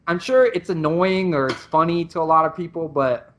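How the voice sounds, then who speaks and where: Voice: mid-range voice, moderate pace. Muay Thai coach co-hosting a podcast. Casual, explanatory, stops and restarts often. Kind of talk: casual chat.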